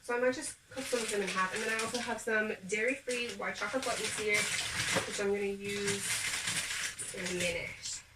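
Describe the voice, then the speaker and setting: A woman's voice: medium pitch, moderate pace, heavy background noise. A woman chatting upbeat to her viewers while she bakes at home, talking them through each step in her kitchen. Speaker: home baking vlogger. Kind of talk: casual cooking demonstration. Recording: echoey kitchen, mic a bit far off.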